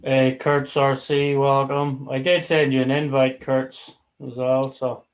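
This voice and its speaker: A man's voice: mid-range voice, little pitch movement, measured pace, poor audio. Male host, casual rambling delivery, loose and profane, on a video call. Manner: rambling, swears casually, chuckles. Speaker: livestream host. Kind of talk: casual chat.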